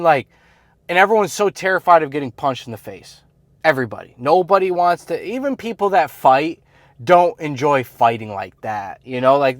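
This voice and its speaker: A man's voice: fairly high pitch, no echo. A man coaching other men in a casual advice monologue, blunt and slangy, full of "like" and "you know". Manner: blunt, slangy, filler-heavy talk. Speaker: men's self-improvement coach.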